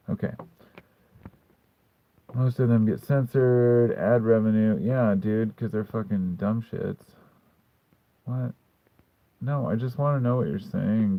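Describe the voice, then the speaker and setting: A man's voice: fairly low pitch, vocal fry, no echo. Guy on a livestream arguing with chat, lots of swearing and dude, dry tinny sound. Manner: blunt, sarcastic, swears a lot; argumentative, frequent "dude". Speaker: livestream host reading chat. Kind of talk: live stream chat, answering comments.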